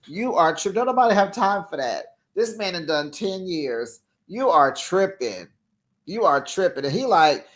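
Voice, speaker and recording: A reality TV reviewer giving casual commentary to the camera, animated and talking straight to the cast. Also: mid-range voice, measured pace. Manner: animated, talks straight to the cast, acts out quotes.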